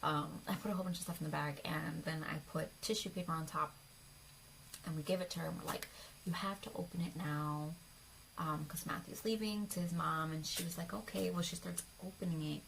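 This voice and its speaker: A woman's voice: sits low, fairly even intonation, quick pace, vocal fry, a bit bright, a little hiss or hum, low-quality recording. A young adult woman vlogger telling a personal story in a casual, rambling way. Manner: chatty, rambling, with fillers and acted quotes.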